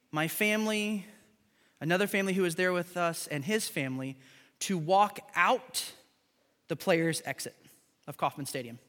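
A man preaching a sermon in a church, telling stories and acting out dialogue between characters. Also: high voice. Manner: animated storytelling, acting out dialogue. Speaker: pastor. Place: church sanctuary. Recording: large hall with music behind.

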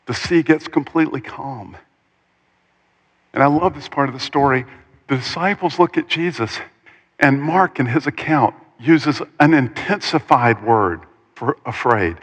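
A man preaching a sermon, retelling a story with animated, dramatic delivery and pauses. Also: medium pitch, big-room sound.

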